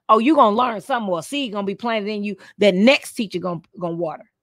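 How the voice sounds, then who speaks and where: A woman's voice: mid-range voice, fast talker, few pauses, no room sound, studio quality. A woman coaching teachers on a live stream, preachy and playful, with punchy repeated phrases.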